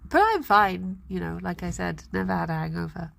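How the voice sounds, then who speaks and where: A young woman streamer in casual chat with her viewers, her voice husky after a late night, chatty and giggly. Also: on the low side, sing-song, moderate pace, fairly bright tone.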